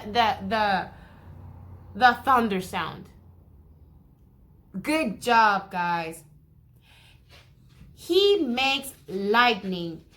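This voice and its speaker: A woman teacher reading a picture book aloud to first graders, slow and encouraging, acting out each sound. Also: fairly high pitch, pushed and bright.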